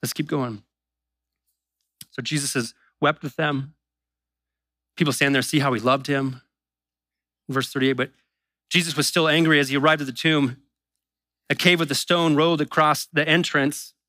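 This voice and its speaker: A man preaching a sermon in a relaxed, conversational way, acting out the doubts of believers in quick asides. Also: a little high, no echo. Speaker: pastor.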